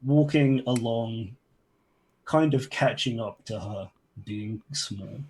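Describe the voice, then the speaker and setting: A man runs a tabletop game as its game master, unhurried and a little husky in tone. He describes the scene in halting phrases, pausing on ums and starting sentences over as he goes. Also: medium pitch, darkish tone. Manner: halting narration with many ums and restarts.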